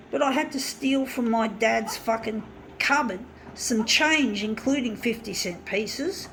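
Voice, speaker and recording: High-pitched woman venting to her viewers, swears a lot, keeps restarting her sentences, bit of faint room noise. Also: a bit bright. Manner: blunt and profane, rambling with many restarts; bitter and aggrieved. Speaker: vlogger talking to viewers. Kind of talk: casual personal monologue.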